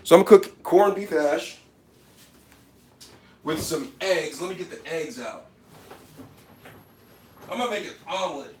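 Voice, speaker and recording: In a deadpan parody cooking show filmed in his home kitchen, a man boasts and speaks right to viewers, repeating his catchphrases. He has a highish voice with lively intonation, a measured pace, and frequent pauses, and there's slight background noise.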